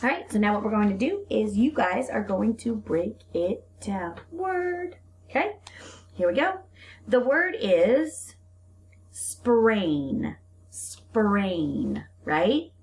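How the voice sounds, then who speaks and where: A woman's voice: on the high side, slight background noise. A young woman teacher leading a phonics lesson for young children, stretching out sounds and giving encouraging praise. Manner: slow, drawn-out sounds with lively, encouraging praise.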